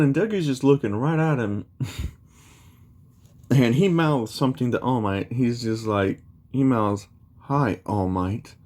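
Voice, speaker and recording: A man's voice: medium pitch, a little mellow. A young man casually retelling a fan story, rambling with lots of fillers. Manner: rambling, many fillers like "you know".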